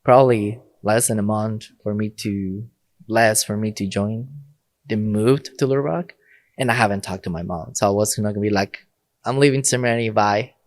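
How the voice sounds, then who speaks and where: A man with a lowish voice speaks in a relaxed, conversational way, often breaking into laughter as he tells stories. He is a priest guest on a podcast, and the recording is dry, with no room sound. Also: normal speed, no echo. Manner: laughs often while telling stories, acts out quoted lines. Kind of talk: casual conversational storytelling.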